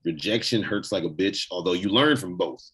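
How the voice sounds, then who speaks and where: A man with a very deep voice and a husky, breathy grain, co-hosting a casual podcast. He is blunt and profane and reads out questions before answering them. His talk is plain and direct. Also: a little fast, a bit bright, poor audio. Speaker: podcast co-host.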